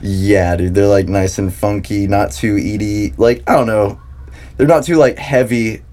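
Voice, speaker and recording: A young man from South Carolina chatting easily on a podcast. His voice sits low and sounds mellow and relaxed. He rambles along with plenty of "dude" and "like.". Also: a little slow. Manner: laid-back, rambling, heavy on "dude" and "like". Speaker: podcast host. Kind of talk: casual chat.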